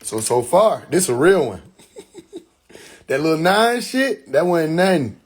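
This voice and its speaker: A man's voice: a little high, sing-song, unhurried, husky. A man hosting a live social media stream from his phone, telling a story in loose slang with frequent laughter. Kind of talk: casual live stream monologue.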